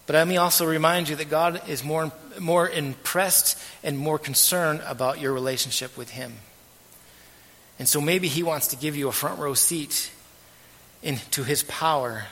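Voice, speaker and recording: A man preaching a sermon as pastor, earnest and measured, letting his phrase ends trail off softly. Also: a little high. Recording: long hall reverb.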